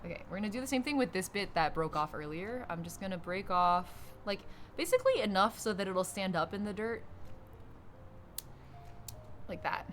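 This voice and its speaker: A woman's voice: mid-range voice, moderate pace. A young woman streamer chatting casually and swearing as she repots plants at home, giggling often. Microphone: streaming setup with a camera. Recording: steady background noise.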